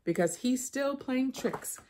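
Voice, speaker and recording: A woman reading a children's picture book aloud in an expressive storytelling manner. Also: high-pitched, takes it slowly, slight background noise. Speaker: storybook reader.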